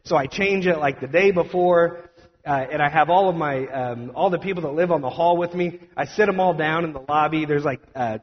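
A young adult man preaching a storytelling sermon as a pastor, conversational and animated, with plenty of fillers. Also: on the high side, brisk. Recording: dull sound with long hall reverb.

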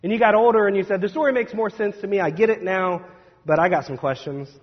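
A slightly high, husky male pastor preaching in a church sanctuary, his voice carried by a long reverb. He reads scripture and tells family stories in a loose, conversational way. The sound is a little dull and lo-fi. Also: fast. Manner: conversational storytelling with laughs. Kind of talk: scripture reading and Easter sermon.

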